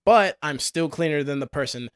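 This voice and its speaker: Man, co-host, joking, slightly high voice, dry close sound. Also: expressive, moderate pace, clean tone, no echo. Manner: joking, puts on voices for quotes. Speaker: podcast co-host. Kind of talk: casual podcast discussion.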